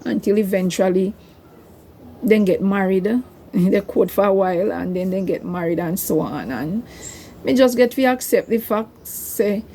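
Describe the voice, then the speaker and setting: A woman's voice: mid-range voice, measured pace, warm tone, husky. An older woman, telling a personal story to her vlog viewers in a rambling, emotional way. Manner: emotional, rambling, tearful at times. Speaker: vlogger.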